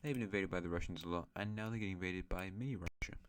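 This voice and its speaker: A man's voice: low voice, very fast, a little hiss or hum. A man hosting an alternate-history map series, narrating in a rambling, chatty way with self-mocking asides. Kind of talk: casual map-game commentary.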